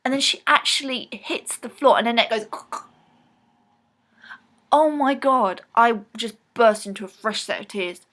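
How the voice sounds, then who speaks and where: A woman's voice: on the high side, measured pace, pauses often, fairly bright tone. A woman talking casually to camera in a rambling film recap vlog, full of ums and restarts. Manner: rambling, chatty, lots of ums. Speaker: vlogger.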